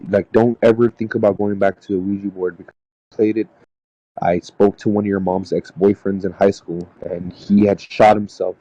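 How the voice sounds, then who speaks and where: A man telling a personal story in casual podcast talk, halting and rambling with lots of "dude" and "man". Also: fairly low pitch, mellow, muffled recording. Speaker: podcast panelist. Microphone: podcast mic.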